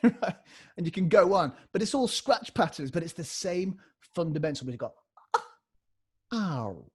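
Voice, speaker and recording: Man, slightly high voice, upbeat beatbox teacher on a video call demoing scratch sounds. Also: a little slow, husky. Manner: energetic, demonstrates vocal scratch sounds. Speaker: beatbox workshop leader. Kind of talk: live online workshop teaching.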